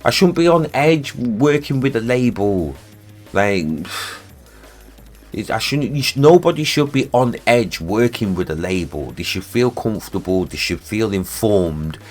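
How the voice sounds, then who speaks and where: Here a man who produces music rants heatedly on a livestream from his home studio, swearing and repeating himself. The voice is on the low side, expressive and unhurried, with a darkish tone and faint music in the background.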